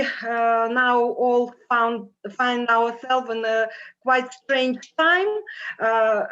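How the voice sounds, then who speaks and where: An older woman with a strong Russian accent, speaking slowly and haltingly with many fillers as a guest on a video call panel. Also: fairly high pitch, fairly bright tone. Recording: dull lo-fi video call audio.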